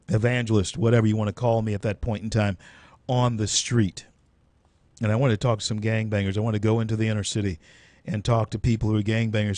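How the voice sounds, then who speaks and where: A man's voice: lowish voice, a little mellow, no room sound. A man hosting a live-stream talk show, speaking in an earnest, preacherly storytelling way with frequent restarts. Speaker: host.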